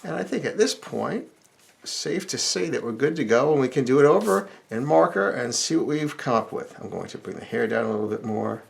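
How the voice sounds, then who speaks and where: A middle-aged man talks through a drawing lesson step by step, explaining as he sketches. His voice has a gravelly edge, and his pitch moves in a lively, animated way. Soft pencil and marker scratching runs underneath. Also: brisk. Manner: relaxed explanatory, thinking aloud while sketching. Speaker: drawing instructor.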